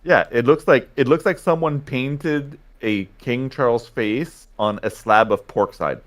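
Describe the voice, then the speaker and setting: A man's voice: mid-range voice, unhurried, fairly bright tone. A man co-hosting a casual livestream, explaining things in an opinionated way and often checking in with "right?". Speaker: livestream co-host.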